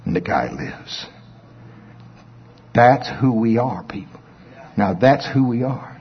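Excitable preacher in a reverberant hall. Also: male voice, slow pace, a little hiss or hum. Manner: animated storytelling, swings from low murmur to high excited shouts. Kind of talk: sermon. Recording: dull lo-fi recording with long hall reverb.

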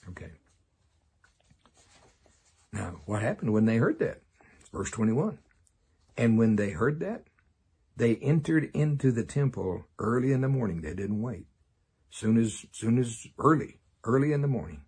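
Guy preaching a sermon, raspy gravelly voice, sarcastic, keeps laughing. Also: medium pitch, sing-song, a little slow, long pauses, darkish tone.

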